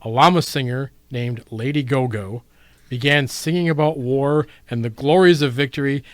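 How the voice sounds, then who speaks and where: A man's voice: medium pitch, moderate pace, no room sound. A man hosting a radio show about writing, announcing guests and reading a submitted story in a dramatic storyteller's manner. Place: radio studio. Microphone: studio mic.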